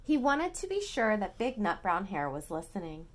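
A woman reading a bedtime story aloud to a toddler, gentle and expressive, coaxing the child along. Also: mid-range voice, normal speed, background noise. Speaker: storybook reader.

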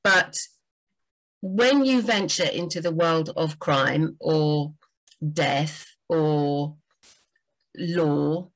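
A woman's voice: low-pitched, very slow, pauses often, rough recording. A woman, a book doctor, giving enthusiastic, chatty writing advice on a livestream. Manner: enthusiastic, chatty, frequent fillers.

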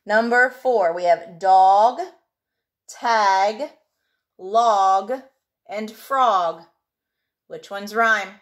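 A woman teacher giving a young pupil a remote phonics and handwriting lesson, speaking clearly and encouragingly with drawn-out vowel sounds. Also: medium pitch.

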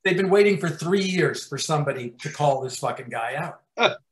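A man, a TV writer-producer, telling profane, animated stories in an interview and acting out scenes. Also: on the high side, normal speed. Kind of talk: anecdotal storytelling in an interview. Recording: roomy echo.

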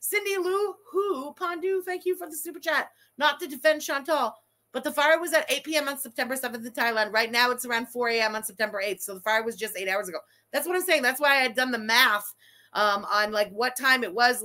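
High, bright-voiced woman ranting excitedly. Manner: excitable, profane, laughing outbursts. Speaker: live-stream host. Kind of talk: live reaction commentary.

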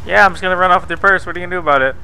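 A man's voice: high-pitched, racing, gravelly, sharp tone, rough recording. A young man giving playful, profane commentary over his gameplay footage, mocking and teasing the characters on screen. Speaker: gameplay video host. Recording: background noise under the voice.

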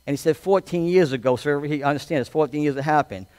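A male pastor preaching a sermon, reading scripture and building to loud, drawn-out, emphatic shouts. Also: fairly high pitch, dry recording. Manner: reads scripture aloud with commentary.

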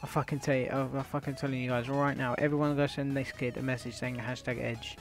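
A man's voice: mid-range voice, flat delivery, quick pace, soft background music. A young British man hosting gaming commentary. He is brash, swears a lot and trash-talks his online opponent. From Britain. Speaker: gaming YouTuber host.

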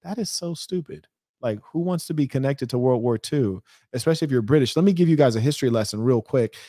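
A man's voice: mid-range voice, animated, fast talker, warm tone, dry recording, clean studio sound. A man, hosting a podcast and giving blunt, profane, mocking commentary. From United States. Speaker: podcast host. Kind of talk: ranting commentary.

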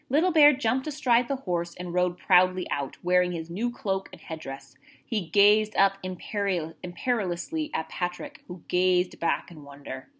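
A woman, a teacher, reading a chapter book aloud with expressive, lively narration. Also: lowish voice, moderate pace, few pauses. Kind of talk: storybook read-aloud.

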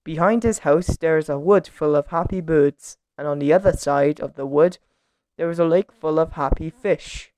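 A woman reading a children's picture book aloud in a gentle, expressive storytelling manner. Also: low voice, moderate pace, no room sound.

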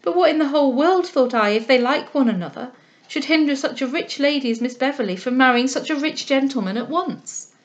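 An eager, heartfelt young woman, humble but impulsive, her voice lifted high and keen, as a woman reader puts her on. The lo-fi recording dulls the sound a little. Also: animated, a little fast, hardly any pauses. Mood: earnest, eager. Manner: eager and heartfelt, speaking up with spirit.

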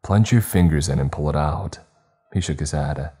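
Very deep-voiced male horror narrator. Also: normal speed, warm tone, husky, soft background music.

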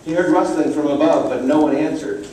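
A man's voice: on the high side, fairly quick, distant mic, a little hiss or hum. Man reading a picture book in an echoey room. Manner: gentle, with casual asides. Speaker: storybook reader.

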